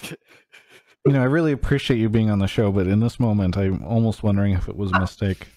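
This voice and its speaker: A man's voice: fairly low pitch, brisk, a little mellow, no room sound, studio quality. A man hosting a podcast, wrapping up the show with wry, teasing, mock-exasperated banter. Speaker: podcast host. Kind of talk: casual show wrap-up chat.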